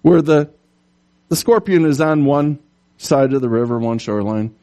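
A man preaching a sermon, animated, telling stories and putting on voices for the characters in them. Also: medium pitch, moderate pace. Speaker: pastor.

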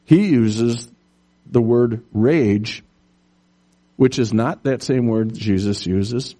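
A man preaching a sermon, animated, telling stories and putting on voices for the characters in them. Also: mid-range voice, slow pace. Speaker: pastor.

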